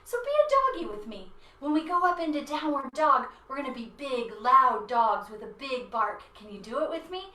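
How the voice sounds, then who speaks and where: A woman's voice: sits high, very animated, moderate pace, few pauses, pushed and bright. A woman guiding a children's yoga class in a playful, encouraging way. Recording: roomy echo, mic at a distance.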